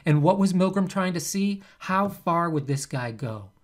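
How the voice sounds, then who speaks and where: A man, a psychology professor, giving a recorded lecture in a conversational, animated way. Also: high voice, normal speed. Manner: conversational, animated, acts out quoted subjects.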